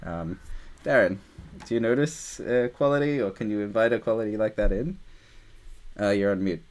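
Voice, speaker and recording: A man with a fairly low voice guides a group through a meditation practice on a video call. His talk is loose and rambling, full of "like" and restarts. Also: normal speed. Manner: loose and rambling, many fillers. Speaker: meditation teacher.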